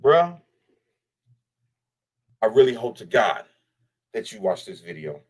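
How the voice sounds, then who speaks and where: Speaking slowly but very animated, a vlogger with a fairly low, husky voice gives blunt, profane commentary straight to camera. He addresses the person he's criticizing directly and repeats lines for emphasis.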